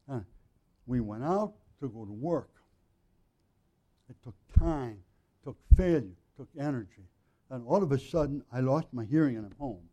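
A male pastor giving an earnest, conversational sermon, often clearing his throat. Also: medium pitch, mellow. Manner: frequent throat clearing, earnest and plain-spoken.

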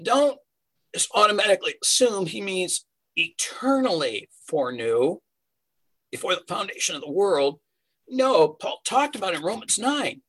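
Husky man preaching a Bible sermon. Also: sits high, a bit bright, poor audio. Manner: earnest teaching, rhetorical questions, varied emphasis. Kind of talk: sermon, verse-by-verse Bible teaching.

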